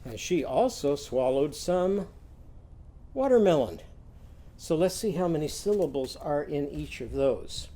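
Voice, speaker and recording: A man's voice: on the high side, unhurried, few pauses, dark tone. A man teaching a children's literacy lesson, singing simple chants and leading the class in call-and-response.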